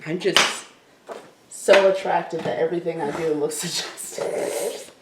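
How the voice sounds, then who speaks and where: A young woman co-hosting a casual recap show, giggling and acting out characters in high squeaky voices. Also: fairly even intonation, a little slow, echoey room, background noise.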